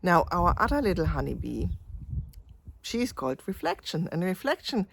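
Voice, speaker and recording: A woman telling a gentle, chatty little story in a casual way. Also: on the low side, very animated, normal speed, gravelly.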